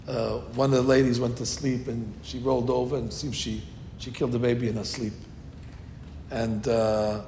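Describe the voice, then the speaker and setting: A man giving an informal Torah class, telling the story lively acted-out voices. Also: mid-range voice, creaky. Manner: animated storytelling, acting out quoted voices. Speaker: Torah teacher. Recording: echoey hall with faint noise.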